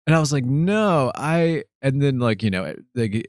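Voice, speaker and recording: Podcast host guy rattling off a funny story, super quick, dry close sound. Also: medium pitch, no echo. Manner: animated, quick, lots of acted quotes and restarts. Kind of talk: casual storytelling chat.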